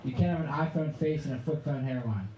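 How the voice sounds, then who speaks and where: A man's voice: mid-range voice, quick pace, echoey room, over a noisy crowd, rough recording. A man in his twenties from the Pittsburgh area performing a sarcastic, ranting stand-up set. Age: 20s. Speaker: stand-up comedian. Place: comedy club stage.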